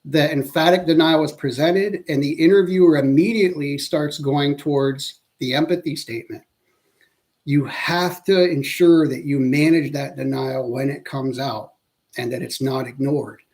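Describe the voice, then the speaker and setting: Measured male interview-training instructor. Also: on the high side, fairly even intonation, darkish tone. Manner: measured, earnest, occasionally self-correcting. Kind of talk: instructional presentation.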